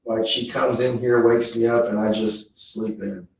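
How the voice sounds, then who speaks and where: A man on the witness stand reading text messages aloud in a slow, measured way. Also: medium pitch, little pitch movement, a little hiss or hum. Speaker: trial witness. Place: courtroom. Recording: echoey courtroom feed, distant mic.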